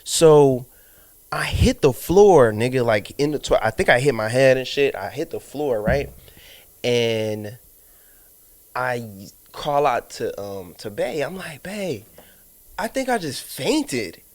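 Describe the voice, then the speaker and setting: A man's voice: medium pitch, slow. Man telling a wild story on a podcast. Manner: animated storyteller, acts out his own lines, swears often. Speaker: podcast co-host. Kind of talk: casual storytelling chat.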